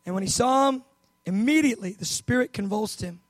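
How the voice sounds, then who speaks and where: Animated high-voiced preacher. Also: male voice, fairly quick, dry recording, rough recording. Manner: animated preacher acting out Bible scenes, loud bursts then hushed. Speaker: pastor. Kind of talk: sermon.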